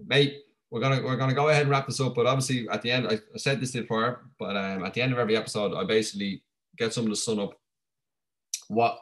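A man's voice: mid-range voice, fairly even intonation, fast, a bit bright. A young man hosting a podcast, talking earnestly and reflectively in a casual interview. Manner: earnest, reflective, many fillers. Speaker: podcast host.

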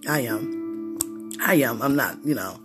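A woman speaking intimately and effusively to her husband, sighing and exclaiming often, swinging between high excitement and low murmurs. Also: takes it slowly, music in the background. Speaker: wife talking to her husband. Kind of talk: intimate casual talk to a partner.

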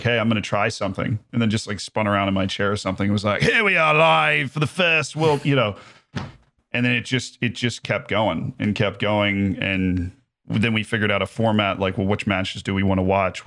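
Man, put-on English accent, lowish voice, rambling casual chat. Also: a bit bright. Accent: English-style commentator accent, put on by an American. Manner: chatty, rambling, frequent restarts and fillers. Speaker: guest, streamer and sports commentator.

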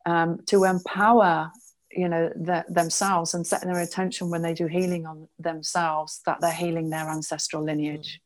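A woman's voice: fairly low pitch, flat delivery, normal speed. A woman in a casual conversation, talking as a spiritual healer, earnest and explaining with frequent restarts.

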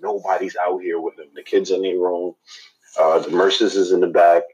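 A man co-hosting a podcast in laid-back, joking banter, with a husky voice. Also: low voice, level tone, moderate pace, a little mellow, low-quality recording. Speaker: podcast co-host.

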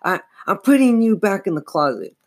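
A man's voice: high-pitched, big pitch swings, brisk, darkish tone, breathy edge, voice pushed up, heavily acted. A man voicing a frightened young girl who cries out in panic in a read-aloud story. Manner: trembling, panicky exclaiming.

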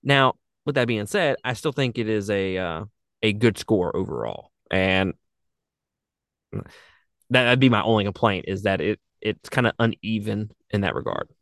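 A man's voice: fairly low pitch, moderate pace, dry recording, studio quality. A man chatting casually about a movie, swearing and laughing often. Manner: laughing, profane, animated. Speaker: podcast co-host. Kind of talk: casual movie review chat.

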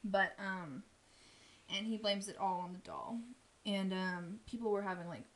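A woman's voice: medium pitch, steady tone, a little slow, a bit bright. A woman casually telling a spooky story on a podcast, rambling with lots of ums and likes.

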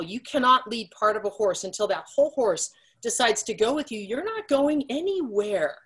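Woman telling her faith testimony, earnest, middle voice, speeds up when it gets tense. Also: medium pitch. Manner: earnest storytelling, quickened in tense moments. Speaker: guest sharing her testimony. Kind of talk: emotional personal testimony.

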